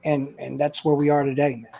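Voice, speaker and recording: A man's voice: a little high, monotone, a little fast, vocal fry, dark tone. Earnest man telling his story. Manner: earnest, emotional, casual speech with "man" fillers. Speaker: guest. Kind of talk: candid personal storytelling.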